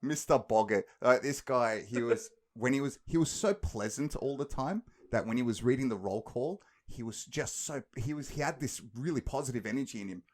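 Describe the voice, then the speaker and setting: A man's voice: medium pitch, moderate pace, hardly any pauses, a little mellow. Laid-back man chatting. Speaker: podcast co-host. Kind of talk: casual chat.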